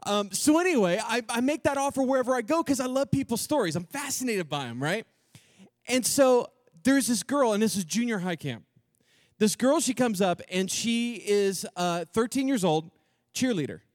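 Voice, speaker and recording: A man with a notably high voice tells a comic story to a room of students, quick and animated, slipping in and out of the voices of the people in it. The sound is close and dry, with almost no room around it. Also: no echo. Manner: animated, quick, acts out quoted dialogue. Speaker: youth camp speaker.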